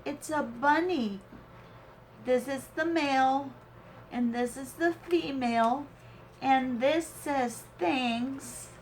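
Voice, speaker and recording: A woman with a high, bright pitch speaks at a very slow, lingering pace, gushing with teary awe as she opens a handmade craft gift. Faint background noise sits under her voice. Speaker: crafting channel host. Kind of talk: emotional unboxing of a craft swap gift.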